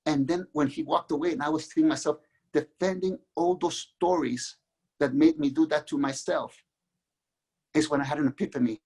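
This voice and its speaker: Husky earnest man telling his story. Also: fairly high pitch, steady tone, darkish tone. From Mexico. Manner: earnest, halting with restarts. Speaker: guest author. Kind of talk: candid personal storytelling.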